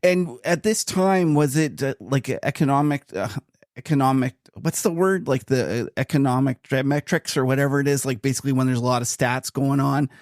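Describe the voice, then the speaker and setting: A man's voice: mid-range voice, brisk, few pauses, no echo, clean studio sound. A man hosting a podcast, asking questions casually and searching for his words as he goes. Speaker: podcast host.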